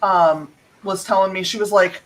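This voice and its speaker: A woman chatting casually on a livestream, blunt and quick to swear. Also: medium pitch, fairly even intonation, low-quality recording. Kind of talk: casual chat.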